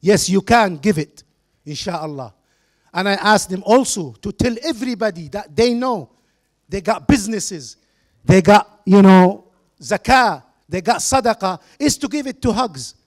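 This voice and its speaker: A man's voice: high voice, lively intonation, measured pace. A man speaking at a charity fundraiser, telling stories and making an earnest appeal in non-native English sprinkled with religious phrases. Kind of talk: public speech with storytelling.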